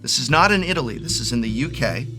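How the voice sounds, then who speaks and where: A man's voice: medium pitch, expressive, quick pace, over music. A man in his forties talking casually and enthusiastically as a card game video host, rambling and often restarting his sentences. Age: 40s. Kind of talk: excited unboxing chat.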